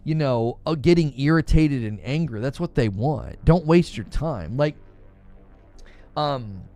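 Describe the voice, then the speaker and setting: A man's voice: medium pitch, lively intonation, measured pace, dark tone, faint music behind. A man hosting a gaming news show, talking casually and with exasperation, repeating himself as he rants. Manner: exasperated, repetitive, conversational ranting. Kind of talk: casual opinion commentary.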